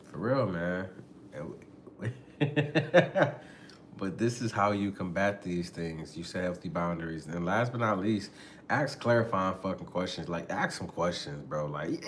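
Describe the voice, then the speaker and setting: A man's voice: fairly low pitch, a bit bright. Brief: male podcast host, casual relationship talk, slangy and laughing, faint background hiss. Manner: loose slangy talk, frequent laughter and profanity.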